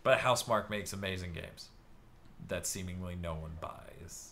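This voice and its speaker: A man's voice: low-pitched, normal speed, fairly bright tone, slight background noise. A young man co-hosting a casual gaming podcast, joking loosely and swearing freely. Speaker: podcast co-host. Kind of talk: casual chat.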